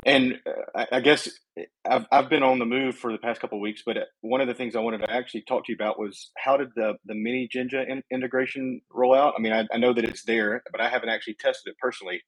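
A man's voice: mid-range voice, steady tone, fast, poor audio. A man with a Southern US accent, hosting a casual online tech call and asking easygoing questions. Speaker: host.

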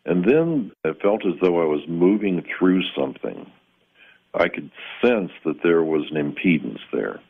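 A man calmly recounting a strange personal experience in plain, measured words, sometimes pausing to find the right term. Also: deep voice, vocal fry, husky. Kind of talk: first-person spoken recollection. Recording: tinny phone-like line.

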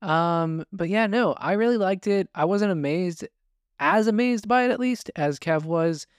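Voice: mid-range voice, unhurried, smooth, dry recording, clean studio sound. A film podcast co-host chatting casually and relaxedly, using fillers like "yeah, no".

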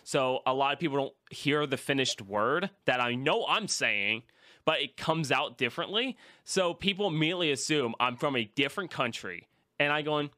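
A male podcast host chatting casually, animated and swearing freely, with some consonants blurred and P and B sounds mixed. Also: medium pitch, moderate pace, no echo, studio quality.

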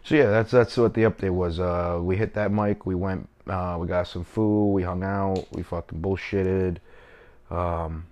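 A man's voice: deep voice, steady tone, unhurried, darkish tone. A man hosting a casual solo podcast from his kitchen, rambling, swearing and joking at his own expense. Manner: profane, rambling, self-mocking. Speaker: comedian and podcast host. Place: home kitchen.

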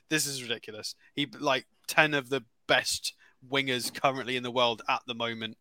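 A man's voice: mid-range voice, fairly even intonation, moderate pace, sharp tone, no echo. A man co-hosting a casual football podcast, talking through player stats with lots of fillers and restarts, with an English accent. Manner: rambling stats talk with fillers. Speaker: podcast co-host.

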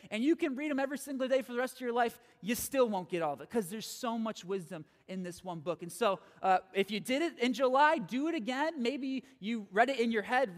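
Man, pastor, energetic sermon, very high pitch, echoing hall reverb. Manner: energetic, repeats phrases, checks in with "okay?". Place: church hall.

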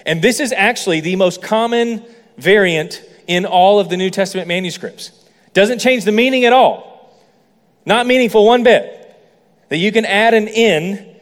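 High-voiced pastor teaching. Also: male voice, moderate pace, long reverb tail. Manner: explanatory, playful asides to the congregation. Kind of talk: sermon teaching.

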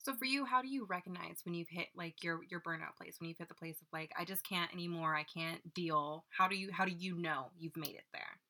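A woman's voice: lowish voice, quick pace, vocal fry, few pauses, sharp tone. A woman hosting a casual chat, supportive and asking questions, often humming agreement. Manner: supportive, asks questions, frequent affirming hums.

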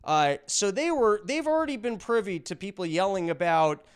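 Male podcast host, high smooth voice, rambling sarcastic monologue. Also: lively intonation, normal speed.

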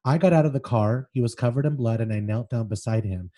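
A man's voice: mid-range voice, fast talker, dark tone. A man co-hosting a podcast, reading book passages aloud with feeling and chatting casually between them. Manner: reads excerpts aloud with feeling, then chats loosely. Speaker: podcast co-host.

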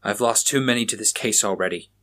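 A man's voice: on the low side, fast talker, pushed and bright. A man voicing a wounded male police officer in a horror story, speaking with urgent, pained guilt.

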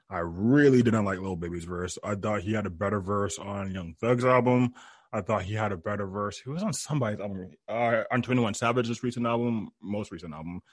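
A man's voice: lowish voice, no echo, clean studio sound. A man co-hosting a podcast, giving a blunt, dismissive critique with many ums in a casual music review chat. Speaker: podcast co-host.

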